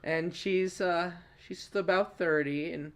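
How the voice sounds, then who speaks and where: High-voiced young man telling a story. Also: takes it slowly, clear, resonant tone. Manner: animated, swears often, laughs while telling stories. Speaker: podcast host. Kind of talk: casual storytelling.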